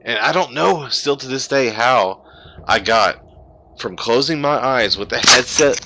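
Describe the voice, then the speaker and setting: Emotional man with a bright, forceful voice. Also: mid-range voice, measured pace. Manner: heartfelt and emotional, rambling with restarts. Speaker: pastor and gaming streamer. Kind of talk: personal testimony on a live game stream. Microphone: gaming headset.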